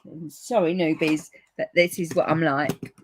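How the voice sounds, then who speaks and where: A woman's voice: low voice, steady tone, unhurried, a little hiss or hum. A woman chatting casually to her viewers while she demonstrates colouring for a papercraft class. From United Kingdom. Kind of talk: casual live craft demonstration.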